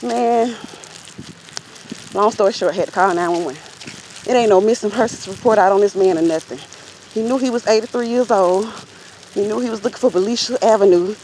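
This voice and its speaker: A woman's voice: mid-range voice, a little fast, long pauses, darkish tone, a little hiss or hum. Chatty woman telling a story outdoors. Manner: chatty, addresses viewers directly. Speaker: vlogger. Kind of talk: casual storytelling. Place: outdoors while out walking.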